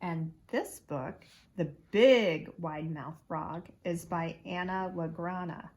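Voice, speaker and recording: A woman teacher reading a children's picture book aloud, expressive and pausing to point out the pictures. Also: lowish voice. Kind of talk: children's story read-aloud.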